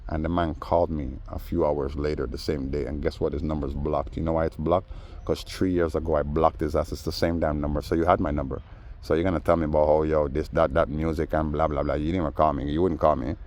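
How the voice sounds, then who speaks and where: A man telling a story in a casual rant, animated and mimicking the people he quotes. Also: rumbling low, fast, slight background noise. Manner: animated, mimics others in quoted voices, laughs often. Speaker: vlogger.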